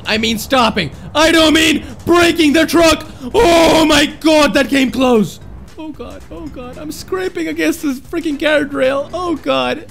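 A man commentating his own driving game, exasperated and self-mocking, yelling at the game when things go wrong. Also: very high voice, creaky. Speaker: gameplay commentator. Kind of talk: gameplay commentary.

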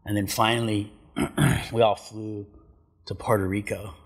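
A middle-aged man, a pro surfer and commentator, telling stories as a guest in a casual chat, profane and animated. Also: lowish voice, unhurried, vocal fry, slightly rough, big-room sound. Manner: profane, animated, acts out quotes.

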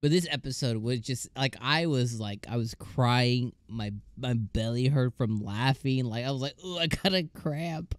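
Excitable man reviewing anime, dry sound. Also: mid-range voice, clean tone, no echo. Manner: laughing, animated retellings with comic voices. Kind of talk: casual anime episode review.

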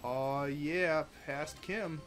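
A man hosting a live racing game stream, chatty and excitable, talking to chat and to his cat at home. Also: drawn-out words, soft background music. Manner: excitable, chatty, bursts into high-pitched baby talk with his cat. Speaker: livestream host. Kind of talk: live gameplay commentary.

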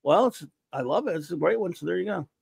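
Reading listener reviews on his podcast, this excitable male host rambles, jokes around and now and then shouts. He speaks fast, in a gravelly, slightly rough voice pitched a bit high for a man, and the sound is dry with no echo.

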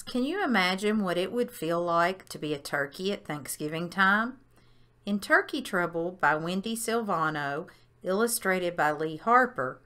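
A woman reads a children's picture book aloud for a library story time. Her voice is bright and tense, and it swoops in a lively, sing-song way as she leans into each animal. She takes her time, reading slowly and clearly for young listeners. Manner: expressive, sing-song storytelling with big pitch leaps for the animals.

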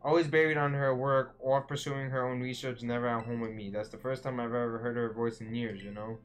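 A man's voice: medium pitch, level tone, brisk, soft background music, close to an everyday voice. A man reading aloud the lines of a bitter teenage boy in a video game, in a grumbling tone. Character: moody teenage boy, bitter about his absent mother.

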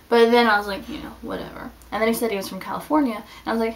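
A woman's voice: fairly high pitch, steady tone, fast talker. A young woman chatting casually in a video diary, rambling with lots of "like" as she tells her week. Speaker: student vlogger. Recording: slightly distant mic, faint background hiss.

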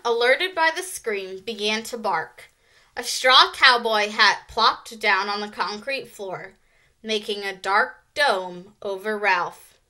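A woman teacher narrates a children's chapter book aloud in a slow, expressive storytelling voice. Her tone is bright and clear, set a little high.

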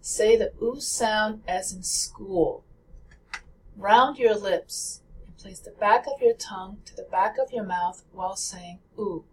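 A woman teaching pronunciation in a slow, careful manner, demonstrating sounds and repeating them with exaggerated emphasis. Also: mid-range voice, distant mic, a little hiss or hum, low-quality recording. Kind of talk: slow instructional pronunciation lesson.

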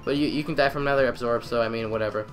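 Excitable young man narrating gameplay. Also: mid-range voice, rapid-fire, soft background music. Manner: excitable, trash-talking, repeats phrases. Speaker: gamer. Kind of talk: let's play commentary.

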